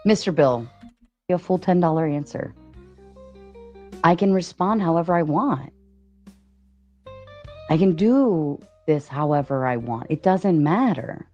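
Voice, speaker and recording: A woman with a deep, soft, husky voice talks on a live-stream panel, defiant as she answers viewers and reads out donations. The stream audio is dull and muffled, with faint music behind her. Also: expressive, a little slow, long pauses. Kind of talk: casual live-stream talk.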